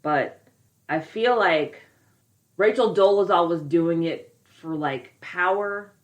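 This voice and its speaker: A woman's voice: lowish voice, takes it slowly. A woman co-hosting a podcast, talking in an outspoken, incredulous way and swearing freely. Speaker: podcast co-host. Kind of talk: casual chat.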